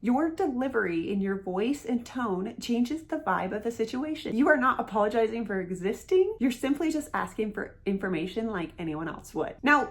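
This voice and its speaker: A woman giving an encouraging instructional talk to camera about asking people to repeat themselves. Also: a little high. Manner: earnest, encouraging, acts out sample phrases. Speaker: hearing-loss educator.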